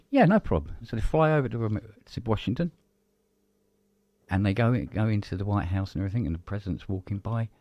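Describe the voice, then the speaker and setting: A man telling a long joke in casual chat, animated and jumping into high voices for the people in it. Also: no room sound. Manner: animated storyteller, swings into high voices for characters. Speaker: co-host.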